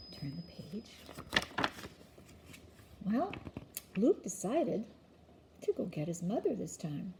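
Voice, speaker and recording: Older woman, grandmother, storybook reading, gentle, chatty asides, very animated pitch, warm mellow tone. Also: takes it slowly, long pauses. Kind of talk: reading a picture book aloud to a child.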